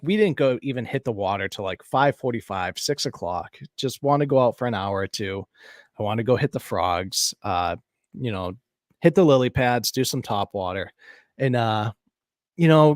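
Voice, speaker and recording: A man co-hosting a podcast, telling a story in casual chat, profane and animated, laughing often. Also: medium pitch, dry recording, studio quality. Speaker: podcast co-host. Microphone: podcast mic on a live stream.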